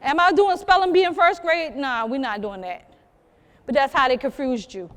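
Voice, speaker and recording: At a moderate pace, a high-voiced storyteller from South Carolina tells stories live in a museum program room, as though in a large hall. She speaks directly to the crowd in a lively, teasing manner.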